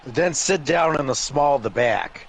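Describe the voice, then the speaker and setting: A man's voice: mid-range voice, lively intonation, unhurried, low-quality recording. A man doing casual color commentary on a wrestling video game, full of goofy puns and wordplay. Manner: goofy, punning, wordplay banter.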